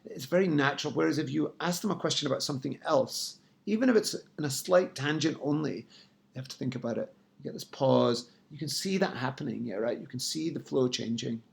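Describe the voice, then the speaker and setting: A man's voice: mid-range voice, fairly quick, vocal fry. A man giving direct sales coaching tips in an instructional talk. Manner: coaching, direct, frequent "yeah, right?". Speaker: sales trainer.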